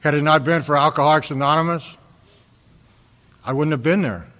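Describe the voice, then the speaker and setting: An American man from Fresno, California, giving an earnest personal testimony at a recovery meeting, halting often and repeating words as he restarts. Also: a little high, fairly bright tone. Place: large hall at a convention. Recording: reverberant hall recording.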